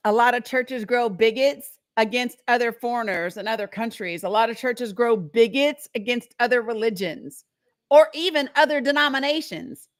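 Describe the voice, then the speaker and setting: Southern American woman, high voice, blunt, profane live-stream host who laughs a lot. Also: moderate pace. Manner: blunt, profane, laughs often, addresses viewers as y'all. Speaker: talk show host.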